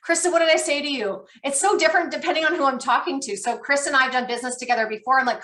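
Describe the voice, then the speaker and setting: A woman trainer on a team call, talking with an excited, animated storytelling manner. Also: high-pitched, racing, few pauses. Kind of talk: enthusiastic coaching chat.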